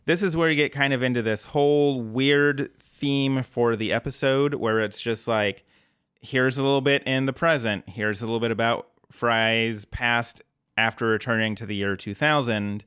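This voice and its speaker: Smooth-voiced man recapping a cartoon episode. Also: medium pitch, fairly even intonation, normal speed, fairly bright tone, no room sound. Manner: chatty, recaps plot with dry jokes. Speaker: podcast co-host. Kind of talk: casual episode recap chat.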